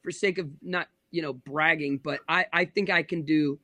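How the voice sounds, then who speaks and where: A man's voice: fairly high pitch, normal speed, dry recording. A man in his thirties, a pastor, telling stories in a casual interview with lots of restarts and acted-out quotes. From United States. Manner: animated storyteller with many restarts and acted quotes.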